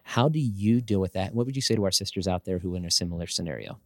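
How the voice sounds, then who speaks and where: A man hosting a ministry podcast, speaking effusively and emphatically, encouraging his guests in relaxed conversation. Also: low-pitched, rapid-fire, no echo, clean studio sound. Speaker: podcast host. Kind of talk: conversational interview.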